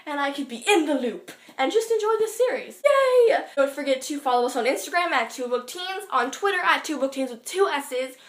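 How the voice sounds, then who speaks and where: A teenage girl reviewing a book on her vlog, gushing and rambling with quick excited asides. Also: high-pitched. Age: teens. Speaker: book vlogger. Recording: roomy echo.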